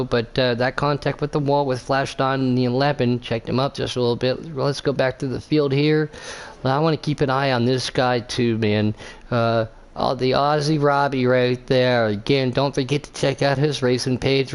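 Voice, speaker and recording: A male race commentator calling a sim racing event live. His voice sits at an ordinary middle pitch, and he wanders from the action into jokes and side stories. He leans on lots of "uh"s as he goes. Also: clear, resonant tone. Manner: rambling, jokey, lots of fillers.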